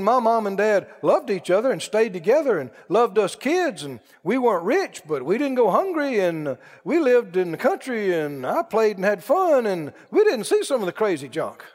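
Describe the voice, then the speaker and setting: A man preaching a sermon, telling animated stories and laughing at his own jokes. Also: sits high, long reverb tail.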